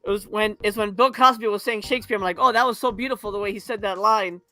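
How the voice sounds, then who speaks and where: A man's voice: sits high, fairly even intonation, fast talker, pushed and bright, no room sound, soft background music. A man on a movie review panel, talking in a crude, sarcastic, rambling way and laughing often. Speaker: podcast panelist. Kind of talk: casual movie review chat.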